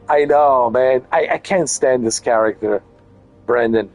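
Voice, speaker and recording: A man's voice: mid-range voice, big pitch swings, measured pace, pauses often, soft background music. A man giving casual let's-play commentary, crude and mocking, repeating his jokes. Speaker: gaming channel host.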